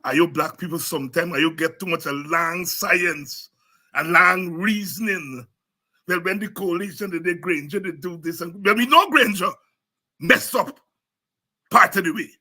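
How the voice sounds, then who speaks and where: A man's voice: high-pitched, normal speed, pushed and bright. A man with a Guyanese Creole accent giving fiery, preaching political commentary as a show host, repeating himself and sliding into Creole.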